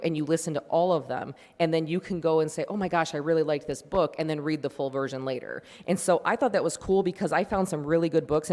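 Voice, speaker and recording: A presenter giving an informal campus talk, speaking in a chatty, conversational way with many fillers. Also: medium pitch. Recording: long reverb of a large room.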